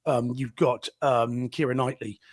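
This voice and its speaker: Husky New Zealand-born co-host. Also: male voice, mid-range voice, fairly even intonation, unhurried, dry recording, studio quality. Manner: chatty, laughs between points. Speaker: podcast co-host. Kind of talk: casual live-stream chat.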